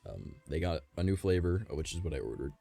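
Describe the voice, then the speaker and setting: A man's voice: low voice, expressive, fairly quick, vocal fry, warm tone, husky. A man streaming casually, rambling and swearing with a strained, worn voice, faint music behind him. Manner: rambling, profane, laughs often. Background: faint background music.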